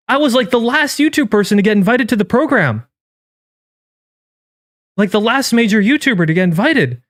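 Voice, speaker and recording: A man streaming live, reacting in casual commentary with incredulous, swearing outbursts that jump up in pitch. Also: animated, moderate pace, pauses often, no echo, clean studio sound. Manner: incredulous, swearing, rising to yelps of disbelief. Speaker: game streamer and YouTuber.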